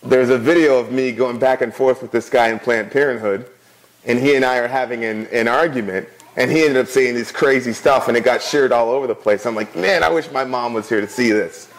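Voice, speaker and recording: A man's voice: mid-range voice, fairly even intonation, brisk, poor audio. A middle-aged man preaching a sermon as pastor, conversational, with frequent asides to the congregation.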